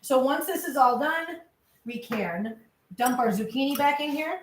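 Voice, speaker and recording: A chatty woman talks her way through cooking dinner, her voice pitched a little high. She sits back from the mic in an echoey kitchen, with soft clicks and faint noise behind her. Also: animated, a little slow, distant mic. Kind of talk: casual chat while cooking. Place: home kitchen.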